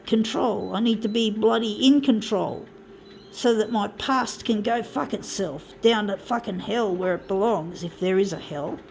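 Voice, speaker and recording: A woman's voice: mid-range voice, vocal fry, a little mellow, a little hiss or hum. A woman ranting angrily to her viewers, swearing and repeatedly calling them "folks.". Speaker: vlogger. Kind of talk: ranting monologue to camera.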